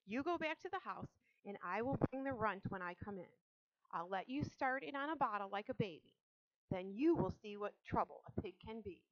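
A woman voicing a gentle, firm farmer father who talks in a calm, measured way. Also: mid-range voice, highs cut off, natural voice.

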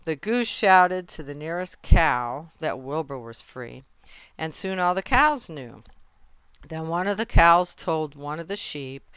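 Woman narrator, children's book read-aloud, low voice, slow measured pace, very clear, dry close sound. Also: dry recording. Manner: gentle, measured storytelling. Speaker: storybook narrator.

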